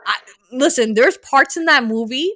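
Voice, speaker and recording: A woman's voice: high voice, animated, normal speed, pushed and bright. A woman co-hosting a casual podcast chat, giving blunt opinions, teasing her co-host and talking straight to viewers.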